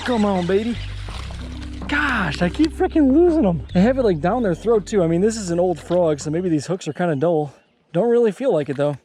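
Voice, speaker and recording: A man in his twenties chatting casually while fishing from a boat outdoors, getting excited whenever a fish bites. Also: high voice, a little fast, soft background music. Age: 20s. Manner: excitable, chatty, exclaims at every catch. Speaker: fishing vlogger. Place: outdoors on a bass boat on a lake.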